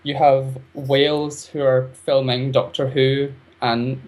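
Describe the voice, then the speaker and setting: A man's voice: medium pitch, little pitch movement, slow, darkish tone. Chatty man, laughing guest. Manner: chatty, laughs often between points. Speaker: guest, arts project creator. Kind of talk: casual interview chat.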